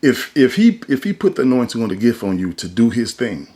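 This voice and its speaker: A man's voice: medium pitch, very animated, fairly quick, warm tone. A man hosting a podcast, talking in a casual but sermon-like way, emphatic and colloquial. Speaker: podcast host. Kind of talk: casual preachy monologue.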